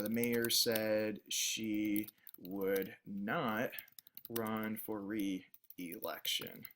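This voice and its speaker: Male instructor, bright tense voice, steady mid pitch, patient explanatory lecture with ums. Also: slight background noise. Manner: explanatory, frequent fillers. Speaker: journalism instructor. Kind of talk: recorded classroom lecture.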